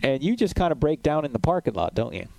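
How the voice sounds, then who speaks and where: A middle-aged man hosting a radio talk show, interviewing a guest and reading promotions in a brisk announcer style. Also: fairly high pitch, very animated, gravelly, darkish tone.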